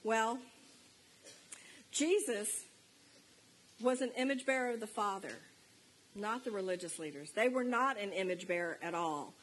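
A woman's voice: medium pitch, measured pace, long pauses, a bit bright, a little hiss or hum, low-quality recording. A middle-aged woman giving a conversational sermon in church, speaking earnestly and plainly and reading scripture aloud. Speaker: preacher. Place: church service.

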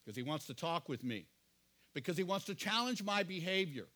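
A middle-aged male pastor preaching a sermon, earnest, often asking the congregation questions and dropping to quiet asides. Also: high voice, animated, brisk.

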